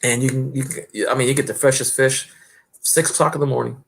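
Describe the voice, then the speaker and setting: An American man chatting casually as a guest, meandering and halting with lots of pauses. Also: mid-range voice, steady tone, vocal fry, husky. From United States. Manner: meandering, halting with many uhs. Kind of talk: casual chat.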